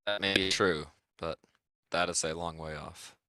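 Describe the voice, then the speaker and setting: A man voicing a wise, measured male mentor in a tabletop game. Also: sits low, steady tone, bright, forceful tone, no room sound, clean studio sound. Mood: cautioning.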